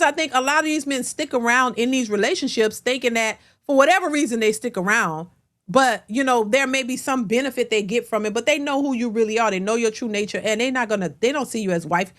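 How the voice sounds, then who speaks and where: A woman's voice: on the high side, fairly bright tone. A woman hosting a reaction video, ranting bluntly and emphatically to her viewers with plenty of cursing. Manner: blunt, emphatic, profane, addresses viewers directly.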